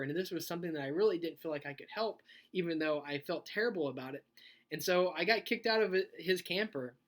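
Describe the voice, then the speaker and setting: Conversational youth pastor man telling a story. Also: on the high side. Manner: conversational, animated, laughs while telling stories. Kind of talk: sermon video with personal storytelling.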